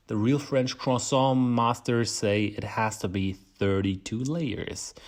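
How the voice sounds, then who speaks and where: A man with a German accent, hosting a casual baking tutorial, chatty and self-deprecating, laughing often. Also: medium pitch. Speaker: home baker, channel host.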